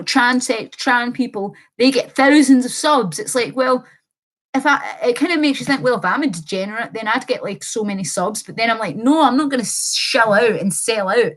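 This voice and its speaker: A young woman chatting casually on a livestream, reading comments aloud, rambling and swearing freely. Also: a little high.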